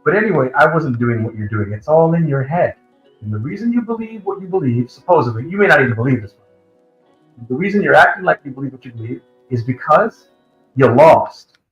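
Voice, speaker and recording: Fast-talking defensive male caller. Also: mid-range voice, lively intonation, faint music behind. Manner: defensive, lecturing, keeps complaining about interruptions. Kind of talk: heated call-in debate. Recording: dull, roomy call audio.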